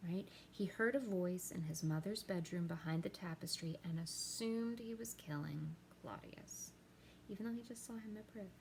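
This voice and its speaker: A woman teacher explaining a play to her class, reading the quoted lines aloud with lively emphasis. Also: on the low side, normal speed, a little hiss or hum, poor audio.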